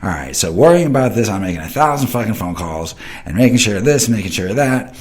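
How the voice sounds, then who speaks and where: A man's voice: on the low side, lively intonation, brisk. A middle-aged man hosting an internet radio show, rambling in a casual monologue full of swearing and talking straight to his listeners. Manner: reads and answers chat comments.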